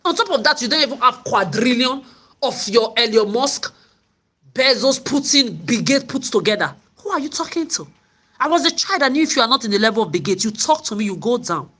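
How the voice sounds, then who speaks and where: A woman's voice: fairly high pitch, expressive, fairly quick, a bit bright. A middle-aged woman, delivering an angry, confrontational monologue to camera, repeating herself as she rants. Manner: confrontational, ranting, repetitive. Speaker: vlogger.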